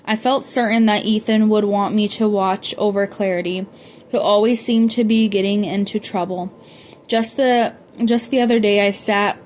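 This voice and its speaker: A woman's voice: medium pitch, a little mellow, slight background noise. A woman reading a novel aloud, often stumbling and correcting herself as she goes. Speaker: audiobook reader.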